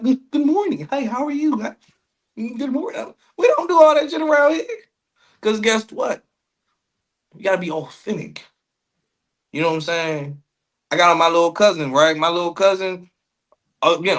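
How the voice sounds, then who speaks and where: High-voiced animated man, casual podcast. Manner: animated storyteller, acts out quotes, swears freely. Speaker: podcast co-host. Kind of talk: casual comedic chat.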